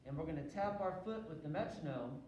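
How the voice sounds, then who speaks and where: A man's voice: on the high side, animated, fairly quick, a little mellow, very echoey, recorded from a distance, highs cut off, a little hiss or hum. A man teaching a rhythm lesson, counting beats aloud and having students repeat after him. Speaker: music teacher.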